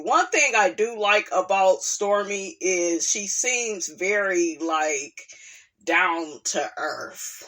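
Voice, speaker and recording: A woman's voice: mid-range voice, measured pace. Sassy woman hosting a gossip vlog. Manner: sassy, animated, full of asides and laughter. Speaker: commentary channel host.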